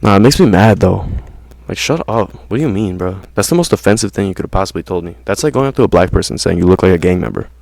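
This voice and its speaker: A man's voice: on the low side, animated, fast talker, gravelly, a little mellow, no room sound. A man ranting casually to his viewers in slangy, profane talk, saying "bro" constantly. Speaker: vlogger. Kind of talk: casual rant to camera.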